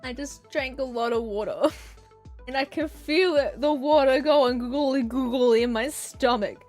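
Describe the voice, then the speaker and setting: Young woman artist-streamer, high-pitched and giggly, playful melodramatic chatter. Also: measured pace, a little mellow, soft background music. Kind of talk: casual stream chat while drawing.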